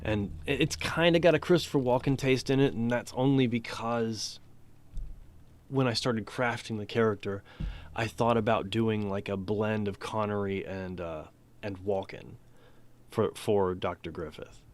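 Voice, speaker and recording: Male streamer, casual and self-interrupting, fairly low pitch. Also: measured pace. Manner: rambling, self-interrupting, drops to a whisper at times. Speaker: streamer and voice actor. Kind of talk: casual livestream chat.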